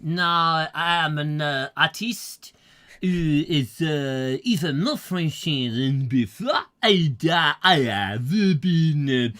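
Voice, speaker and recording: A man's voice: a little high, a bit bright, full character voice. A man voicing a pompous, theatrical French artist in hammy mock French, declaiming grandly.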